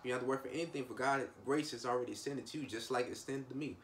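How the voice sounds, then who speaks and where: A man's voice: mid-range voice, very fast, background noise. A man preaching an informal devotional sermon, emphatic and repetitive, often restarting his sentences.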